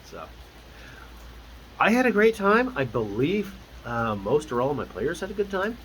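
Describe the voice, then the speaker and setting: A man, a dungeon master, chatting casually as he recaps his tabletop campaign, talking in an animated way full of asides. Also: on the high side, moderate pace, a little hiss or hum, rough recording.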